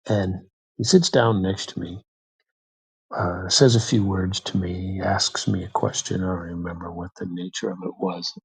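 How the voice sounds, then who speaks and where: A man's voice: deep voice, fairly even intonation, moderate pace, vocal fry, slightly rough, poor audio. An American man hosting a show, telling a story in a casual, rambling way with many fillers and restarts. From United States. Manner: rambling, repeats words, frequent fillers. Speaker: podcast host.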